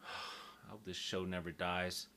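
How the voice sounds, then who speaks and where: A man's voice: deep voice, little pitch movement, slow, bright, forceful tone, a little hiss or hum. A man, rambling through a casual solo monologue, crude and joking, swearing freely and poking fun at himself.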